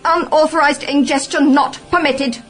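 A woman's voice: high voice, steady tone, normal speed, fairly bright tone, faint music behind, voice pushed up. A woman voicing a bossy, clipped robot trainer. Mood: officious. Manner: clipped, officious commands.

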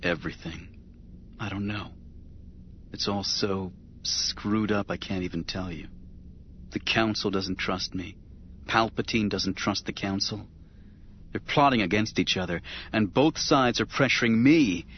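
A man voicing a troubled young male Jedi knight, speaking in a soft, strained, halting way. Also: lowish voice, muffled recording, slight background noise, lightly acted.

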